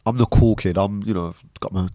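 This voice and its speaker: A young man from Birmingham, a podcast guest telling a personal story in an animated way that often checks in with the listener. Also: on the low side, brisk, no echo, studio quality. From Birmingham, England. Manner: animated storyteller, often tags lines with "right?".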